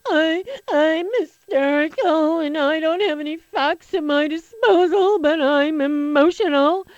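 A woman mockingly impersonating an overwrought, emotional male pundit, voice pushed high and loud. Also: measured pace, dry recording, muffled recording. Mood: mock-hysterical.

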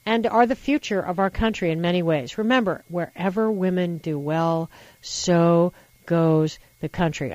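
A woman hosting a call-in radio talk show, giving opinionated advice in an animated way and repeating words for emphasis. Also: fairly low pitch, dry recording, dull audio.

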